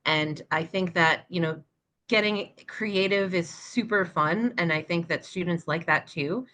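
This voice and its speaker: A woman's voice: lowish voice, a little slow, sharp tone. A woman who teaches yoga, co-hosting a podcast in casual chat, talking emphatically and swearing for emphasis.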